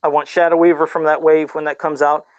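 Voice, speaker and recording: A man's voice: on the high side, flat delivery, quick pace, clear, resonant tone, no echo. Laid back middle aged guy chatting on a podcast, pokes fun at himself, dry close sound. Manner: laid-back, self-deprecating, laughs often. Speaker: podcast co-host and toy customizer. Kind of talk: casual chat on a live video podcast.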